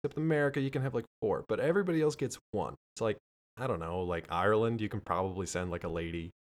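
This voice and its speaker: A man's voice: lowish voice, quick pace. A man co-hosting a podcast in casual chat, making dry, wry asides. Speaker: podcast co-host.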